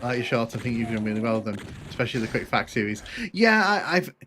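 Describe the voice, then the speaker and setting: A man's voice: mid-range voice, big pitch swings, quick pace, background noise. A man giving casual, rambling commentary on a live game stream, answering chat with many restarts and fillers.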